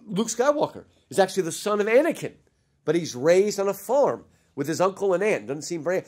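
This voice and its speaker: Man lecturing, middle-aged, energetic storyteller, higher voice, swooping lively pitch. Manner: energetic storyteller, addresses listeners as folks, acts out sounds. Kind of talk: animated lecture.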